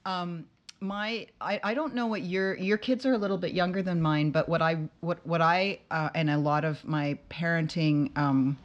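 A woman hosting an interview, talking in a reflective and hesitant way with halting restarts. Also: fairly low pitch, steady tone, lo-fi sound. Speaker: interview host, musician and composer. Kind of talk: casual interview conversation.

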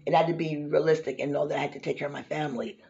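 A woman's voice: sits low, very fast, creaky, lo-fi sound, soft background music. A woman hosting a casual chat show, telling stories with a laugh and talking straight to her listeners. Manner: lively storyteller, laughing, addresses listeners as y'all. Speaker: host.

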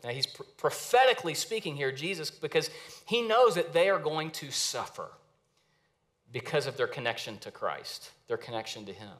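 A young man, a pastor, preaching a sermon with earnest, emphatic rises and pauses. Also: a little high, animated, a bit bright. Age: young adult.

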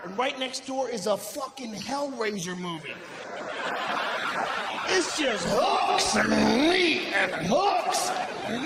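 A middle-aged man performing a stand-up comedy routine, telling a loud, profane story with lots of shouting. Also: very high voice. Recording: echoey venue with audience noise.

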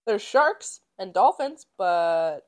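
A woman's voice: medium pitch, big pitch swings, slow pace. A young woman co-hosting a podcast, telling a story in casual chat, giggly and teasing.

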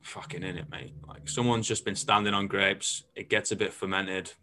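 Young host, bright and forceful, sweary storyteller, casual podcast. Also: male voice, on the low side, fairly even intonation, moderate pace, a little hiss or hum.

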